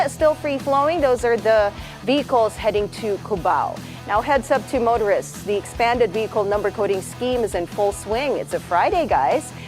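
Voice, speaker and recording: A woman co-hosting a morning TV show, upbeat and energetic, also reading a traffic report. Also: a little high. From Philippines. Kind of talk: lively studio banter and traffic report.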